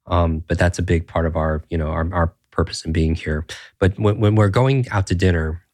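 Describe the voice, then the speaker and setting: A deep-voiced man talks as a podcast guest, earnest and animated, circling back through restarts and rhetorical questions. The sound is dry and close, with no room echo. His motivational storytelling runs at a conversational pace. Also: normal speed. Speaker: podcast guest, brain coach.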